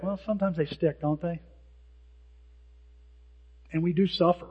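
A male pastor preaching a sermon in an animated way, acting out the lines of people who mock. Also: high voice, moderate pace, long pauses, slightly rough. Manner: animated, acts out hecklers' lines. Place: church sanctuary. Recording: dull sound with long hall reverb.

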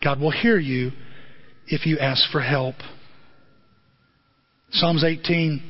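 Male pastor, animated sermon delivery with a lively, high-pitched swing between hushed and excited; dull lo-fi recording. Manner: animated preaching, rising to high excited exclamations and dropping to hushed tones; speaks directly to the congregation with rhetorical questions.

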